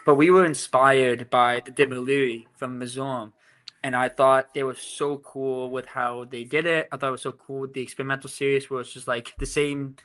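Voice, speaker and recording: A man's voice: medium pitch, little pitch movement, moderate pace, fairly bright tone. A man from England, a brewery co-founder, chatting as a podcast guest, rambling with lots of "you know" and "like". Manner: rambling, many fillers and restarts. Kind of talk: casual interview chat.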